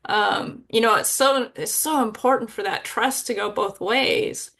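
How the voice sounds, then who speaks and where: A woman with a high, bright voice hosts a podcast. She speaks in a heartfelt, openly emotional way to her guests. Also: measured pace, vocal fry. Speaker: podcast host. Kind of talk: casual interview chat.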